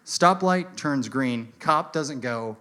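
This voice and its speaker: A young man performing a stand-up comedy set on a stage mic, acting out characters in quick voices. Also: mid-range voice, lively intonation, sharp tone, slight background noise. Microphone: handheld stage mic.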